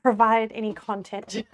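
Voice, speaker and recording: A young woman cooks while chatting casually with her live-stream viewers, rambling and giggling often, with many fillers. Her voice is fairly high with fairly even intonation and a slightly slow pace, and the background is noisy.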